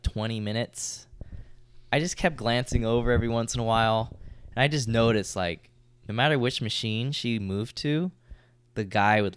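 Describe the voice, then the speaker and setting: A man's voice: on the low side, clean tone, no echo. A young man co-hosting a podcast, telling a story in a loose, slangy, swear-filled way. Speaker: podcast co-host. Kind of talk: casual storytelling chat.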